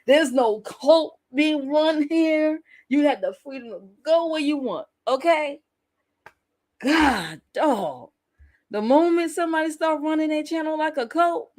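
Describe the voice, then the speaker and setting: A woman's voice: high voice, a little slow, darkish tone. A woman hosting a casual commentary channel, talking bluntly and candidly and often laughing as she reacts. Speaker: YouTube commentary host.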